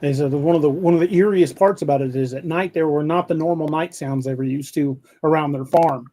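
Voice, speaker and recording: A man's voice: a little high, brisk, mellow. A man hosting a live podcast, chatting casually and rambling with frequent restarts while he reads viewer comments. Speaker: podcast host.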